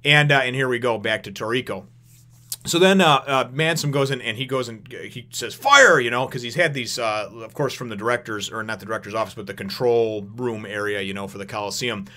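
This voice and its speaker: Fast, bright-voiced rambling manga reviewer. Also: male voice, medium pitch. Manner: rambling, profane, laughs often.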